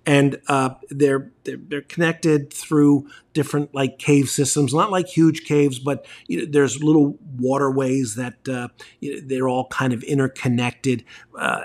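A middle-aged man telling casual, rambling travel stories as host, with lots of fillers and restarts. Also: mid-range voice.

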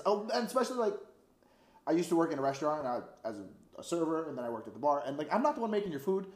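A man's voice: fairly high pitch, expressive, racing, a little mellow, roomy sound. A man chatting casually as a podcast guest, laid-back and self-mocking, swearing freely. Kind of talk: casual chat.

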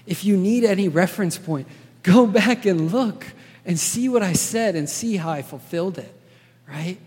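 A man's voice: high voice, lively intonation, normal speed, darkish tone, slightly rough. A man preaching a sermon in a casual, earnest way, often checking in with his listeners by asking "right?". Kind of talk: conversational sermon. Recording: long reverb of a large hall.

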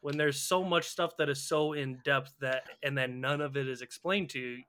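A young man speaking slowly and haltingly in a casual podcast chat, thinking aloud. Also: medium pitch, steady tone, fairly bright tone.

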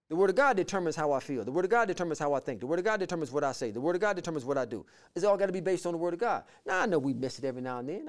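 A man's voice: on the high side, darkish tone. A man co-hosting a faith talk show, preaching fervently in a repetitive, rhythmic cadence. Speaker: podcast co-host.

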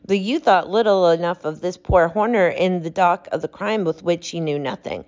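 Woman reading a stern detective, calm and incisive, low voice, muffled lo-fi sound. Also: moderate pace, close to an everyday voice. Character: cool, commanding male detective.

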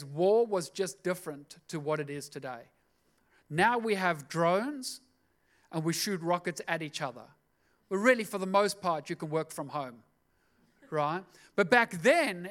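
Brief: male pastor, high pitched, casual sermon with playful asides. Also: lively intonation, unhurried, a bit bright. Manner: chatty, jokey asides.

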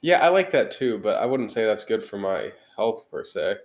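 A man in his twenties hosting a casual podcast chat, upbeat and quick to laugh. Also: lowish voice, very animated. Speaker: podcast host.

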